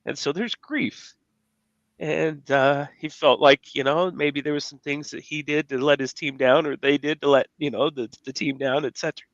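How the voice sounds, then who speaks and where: A man in his forties co-hosting a podcast, telling a personal story in an earnest, emotional way with many halting restarts. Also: on the high side, steady tone, fairly bright tone, dry recording. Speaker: podcast co-host. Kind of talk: conversational storytelling. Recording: dull lo-fi dry sound.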